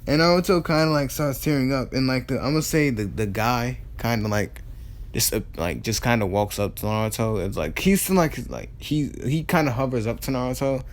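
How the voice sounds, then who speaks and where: A man's voice: mid-range voice, fairly quick. A man casually telling a fan-made story, rambling with many fillers, restarts and casual swearing.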